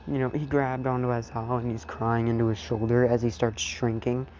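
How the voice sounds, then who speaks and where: A man casually narrating an improvised fan story, rambling and filling every pause with "you know". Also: medium pitch, level tone, darkish tone, dull audio, slight background noise.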